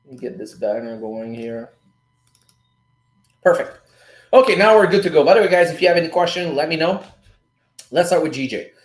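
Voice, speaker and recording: Guy running a casual trading livestream, kinda high voice, lots of "guys" and "dude", echoey room. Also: animated, normal speed, pauses often. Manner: loose, chatty, swears casually, calls the audience "guys" and "dude". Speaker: livestream host teaching forex trading. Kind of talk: casual live-stream chat and trade breakdown.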